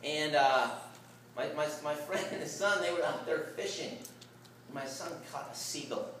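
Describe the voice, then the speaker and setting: A middle-aged male preacher with a fairly high voice tells his story in a big, booming, echoey hall. He is heard from a distance, and a crowd murmurs around him. He speaks with animated, laughing excitement and shouts at the peaks. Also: normal speed, noisy background. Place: large hall at a retreat worship service.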